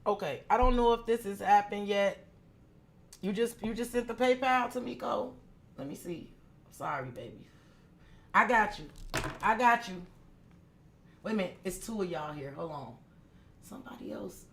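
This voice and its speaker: A woman's voice: medium pitch, lively intonation, moderate pace, pauses often. A woman giving a live-stream tarot reading, chatty and frank, swearing freely and talking straight to viewers by name. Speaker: tarot reader.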